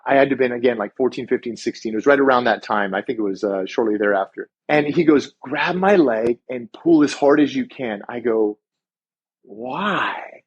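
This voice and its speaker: A man's voice: mid-range voice, brisk, hardly any pauses, breathy edge, dull audio. A man, a chiropractor guest on a podcast, telling a story in casual chat and acting out the dialogue, swearing now and then.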